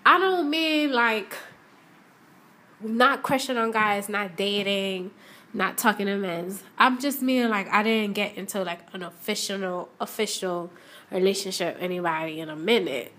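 A woman's voice: mid-range voice, unhurried, sharp tone. A young adult woman hosting a casual solo podcast, chatting and repeating herself as she talks straight to listeners from her shop. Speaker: podcast host. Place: shop, stepping in and out of doors.

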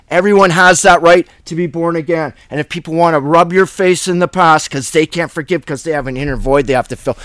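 A man's voice: on the high side, fairly bright tone, no room sound, clean studio sound. A man hosting a Bible study, preaching in a blunt, fiery, plain-spoken way.

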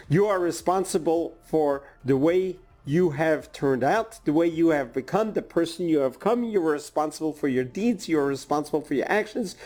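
A man preaching a sermon and telling a story, speaking slowly and emphatically with deliberate pauses. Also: fairly high pitch, a little mellow.

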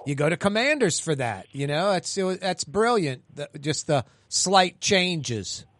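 A man's voice: a little high, sing-song, a little slow, fairly bright tone, dry recording. A man, hosting a casual radio interview in a chatty, agreeable way. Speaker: radio host.

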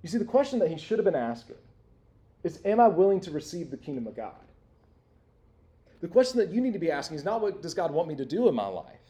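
A young man preaching to college students in a loose, conversational way, asking questions and padding with "like" and "right?". His voice sits fairly high, with a mellow, soft-edged tone. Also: very animated, quick pace. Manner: conversational, asks the audience questions, lots of "like" and "right?". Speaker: campus minister. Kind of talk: interactive sermon.

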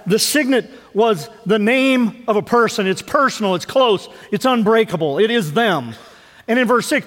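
A man in his fifties, a pastor preaching a sermon in a conversational way, dropping to low asides and rising for emphasis. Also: animated, normal speed, fairly bright tone. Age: 50s. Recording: long hall reverb.

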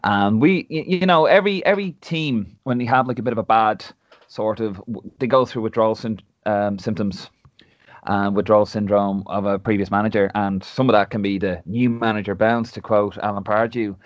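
A man's voice: on the low side, moderate pace, no echo. A man with an Irish accent co-hosting a podcast, talking casually and ranting with feeling. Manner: ranting, animated, mimics others. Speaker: podcast co-host. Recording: dull lo-fi sound, dry.

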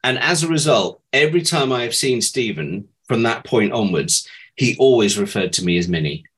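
A man's voice: mid-range voice, lively intonation, normal speed, fairly bright tone, rough recording. A middle-aged man, a former child actor, telling amused anecdotes about his acting days in a chatty interview.

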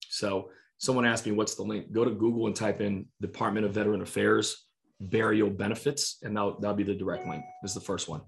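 A man with a lowish, steady voice and some vocal fry talks briskly while teaching insurance agents in an informal live online session. He's conversational, role-plays client calls and frequently says "right?" and "you know".

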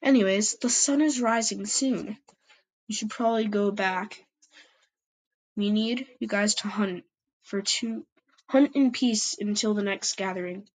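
A woman voicing a male cat clan leader giving somber news in a steady voice. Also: medium pitch, measured pace, a little hiss or hum, lightly acted, low-quality recording.

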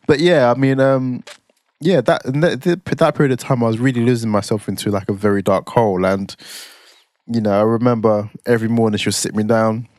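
A man in his thirties talks in a relaxed, teasing way, slipping dry jokes into fond chat. His voice sits at a middle pitch and sounds close and dry, with no room echo. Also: normal speed. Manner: joking, teasing, dry humour. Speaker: podcast co-host. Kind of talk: casual chat.

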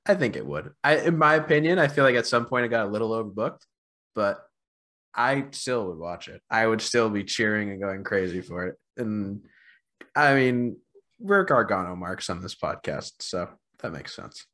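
A lower-pitched man with a lively, swinging voice shares his take in casual podcast chat. He hedges and thinks out loud as he talks. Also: normal speed. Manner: hedging, thinking aloud, animated. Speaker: podcast co-host.

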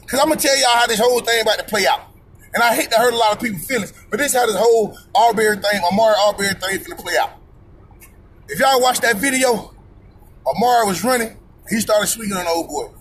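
A man's voice: sits high, fast talker, fairly bright tone, slight background noise, low-quality recording. A man ranting in a heated, profane monologue, hammering points with repetition and rhetorical questions. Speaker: podcast host. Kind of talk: personal opinion monologue.

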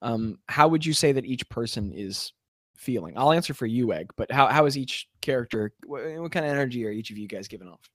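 Man, game master, tabletop game, animated pitch, hesitant ums, dry close sound. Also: brisk, dry recording. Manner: hesitant, full of ums, drifting between loud and quiet. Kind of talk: running a tabletop game online.

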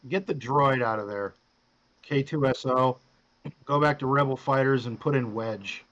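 A man's voice: medium pitch, normal speed, a bit bright, lo-fi sound. A man hosting a podcast, casually coaching a guest through his game with loose, profane instructions. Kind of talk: casual chat.

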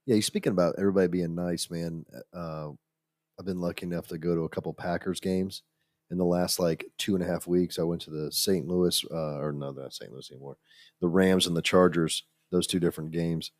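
40s dude, real deep voice, laid back chatty podcast guest, dry mic. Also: male voice, fairly even intonation, brisk, darkish tone, dry recording. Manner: easygoing, chatty and meandering. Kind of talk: casual chat. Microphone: studio mic.

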